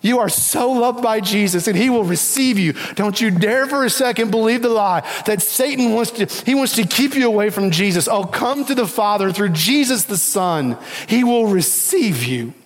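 A man's voice: high-pitched, lively intonation, normal speed. A man preaching a sermon as pastor, earnest and emphatic, pressing his listeners with repeated appeals. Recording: long reverb of a large hall.

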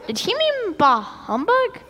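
A woman playing an excitable young boy. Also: very high-pitched, slow pace, long reverb tail, slight background noise, full character voice. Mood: eager. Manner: excitable, chatty. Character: eager, creative young boy. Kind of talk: church skit acting.

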